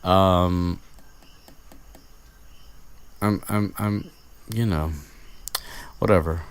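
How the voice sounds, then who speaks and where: Casual host, male, low voice, slow and rambling with lots of fillers. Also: fairly even intonation, smooth. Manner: rambling, many fillers and restarts. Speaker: podcast host recapping a book. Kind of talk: casual chat.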